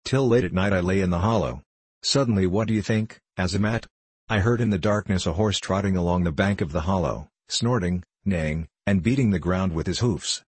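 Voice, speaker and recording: Deep husky male audiobook narrator. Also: a little fast, no room sound.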